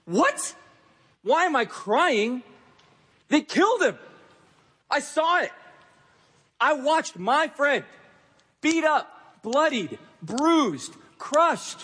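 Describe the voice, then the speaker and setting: A man's voice: extremely high pitch, big pitch swings, drawn-out words, pauses often, sharp tone, in a large hall, pitched above the performer's own voice, exaggerated voice. A man voicing a grieving woman at a tomb. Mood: anguished. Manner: anguished, pleading.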